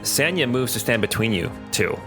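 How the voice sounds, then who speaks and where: A man's voice: mid-range voice, animated, normal speed, over music. A man narrating as game master of a tabletop game, casual and descriptive.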